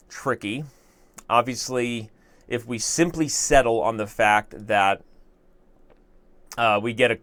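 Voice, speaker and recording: A man's voice: mid-range voice, a bit bright, no room sound. A young man hosting a chess show, chatting casually and thinking aloud as he works through a puzzle, with self-mocking humor. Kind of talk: casual live-stream commentary.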